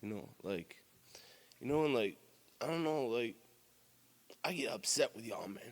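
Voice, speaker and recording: At a recovery meeting, a man with a medium-pitched, expressive voice shares emotionally at a normal pace, close to tears. He speaks bluntly, swearing a lot and peppering his words with "you know" and "man," all under a long hall reverb.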